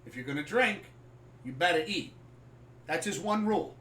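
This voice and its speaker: A man hosting a live sports podcast, telling a story casually and animatedly, swearing freely and acting out scenes loudly. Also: fairly high pitch, lively intonation, moderate pace, slight background noise. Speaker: podcast host. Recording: echoey room, far from the mic.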